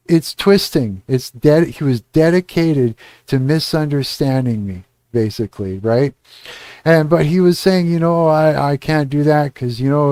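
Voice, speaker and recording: A man rants through a story on a live stream, repeating himself and acting out both sides of a past argument. His voice is smooth and resonant, pitched a little high for a man. The sound is close and dry. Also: darkish tone, no echo. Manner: rambling, repeats "you know what I mean", acts out both sides of a conversation. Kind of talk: casual storytelling rant.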